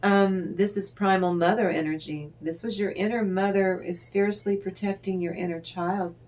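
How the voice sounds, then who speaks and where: A woman giving a tarot reading, talking straight to the listener in an encouraging, unhurried way and laughing often. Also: mid-range voice, steady tone, darkish tone. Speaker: tarot reader. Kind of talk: tarot card reading to the viewer.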